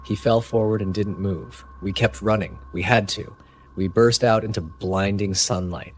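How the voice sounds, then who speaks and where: A man giving grave, measured first-person narration of a horror story. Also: lowish voice, fairly even intonation, slight background noise.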